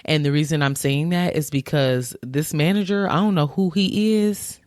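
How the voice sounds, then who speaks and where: A woman's voice: low voice, normal speed, no room sound, clean studio sound. A woman co-hosting a podcast, retelling gossip in a casual, slangy way and quoting people as she goes. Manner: animated storytelling, quoting others, slangy. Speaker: podcast co-host.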